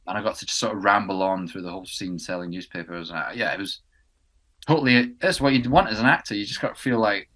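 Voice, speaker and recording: A man's voice: on the low side, fast, fairly bright tone. A young man from England, an actor co-hosting a podcast, chatting casually and rambling with many ums and restarts. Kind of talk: casual chat. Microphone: podcast mic indoors.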